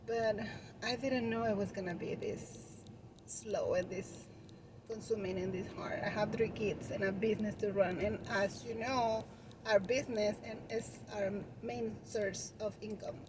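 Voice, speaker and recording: A woman's voice: medium pitch, fairly even intonation, measured pace. A woman with a strong Spanish accent talks casually to camera. She is a native Spanish speaker, and her speech is chatty and loose, full of restarts and fillers. A faint noise sits under her voice. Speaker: balloon decor business owner and vlogger.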